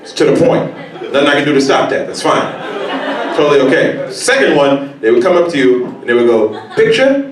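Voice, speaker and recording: A man doing a stand-up set in a comedy club, talking casually and acting out people in sudden high squeals. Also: a little fast, crowd noise. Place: comedy club stage before a laughing crowd. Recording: roomy live club sound from a distance.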